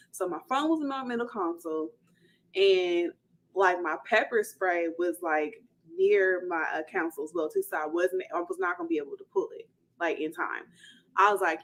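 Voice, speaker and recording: A woman vlogger telling a personal story in a casual, animated way, full of fillers and quoted dialogue. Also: mid-range voice, poor audio. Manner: animated retelling, quoting others, many fillers.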